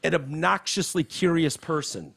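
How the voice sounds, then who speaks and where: A man hosting a podcast, talking in an animated, profane, casual way about the news. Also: on the high side, moderate pace, creaky, slightly rough. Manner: animated, profane, reads quotes aloud. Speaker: podcast host. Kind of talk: casual political chat. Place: podcast studio.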